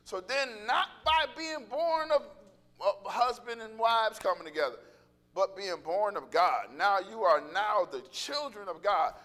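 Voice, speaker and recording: A man preaching a sermon, animated and joking, acting out little voices and calling out to the congregation. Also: high voice, unhurried. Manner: animated, joking, acts out voices, laughs often; calls out to congregation.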